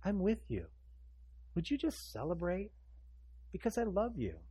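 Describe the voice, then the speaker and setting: Preacher voicing a tender, pleading father, soft and coaxing. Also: high voice, huge pitch swings, a little slow, slightly rough, pitched above the performer's own voice, exaggerated voice. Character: gentle pleading father, older man.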